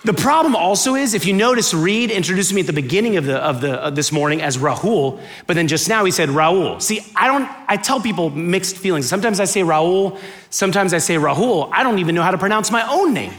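High-voiced joking man speaking to an audience. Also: quick pace, few pauses. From United States (Miami). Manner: animated, joking, chatty. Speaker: speaker giving a talk. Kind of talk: humorous storytelling talk to a live audience. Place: room with a live, clapping audience.

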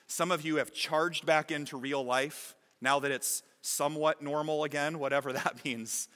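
Bright-voiced man preaching in an echoey hall. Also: fairly high pitch, normal speed. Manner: animated storytelling, shifting from lively to hushed. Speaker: pastor. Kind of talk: sermon.

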